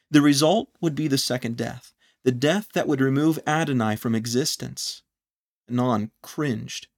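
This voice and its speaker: A man narrating a scripted story in a measured, solemn reading. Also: mid-range voice.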